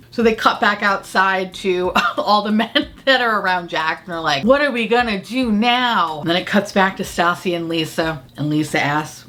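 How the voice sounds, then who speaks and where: A woman's voice: on the low side, normal speed, pushed and bright. A woman casually recapping a reality show, sarcastic, swearing freely and laughing often as she acts out quotes.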